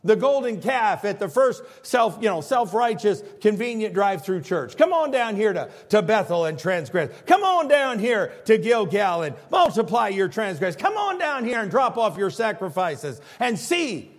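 A man voicing God as a scornful, sarcastic deity mocking false worshippers, calling out loudly. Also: sits high, big pitch swings, moderate pace, few pauses, pitched above the performer's own voice.

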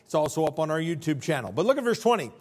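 Animated male pastor preaching. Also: on the high side, rapid-fire. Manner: humorous, animated storytelling with rhetorical questions. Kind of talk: sermon.

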